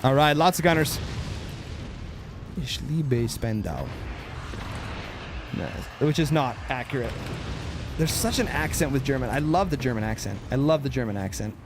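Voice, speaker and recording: A man's voice: mid-range voice, brisk, background noise. A man hosting a gaming livestream, chatting casually and playfully sounding out words as he commentates.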